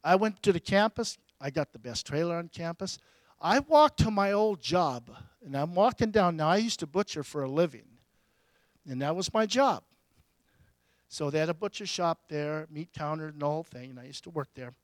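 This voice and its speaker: A pastor preaching a storytelling sermon, his delivery swinging between loud bursts and hushed asides. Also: fairly high pitch, animated, normal speed, no echo.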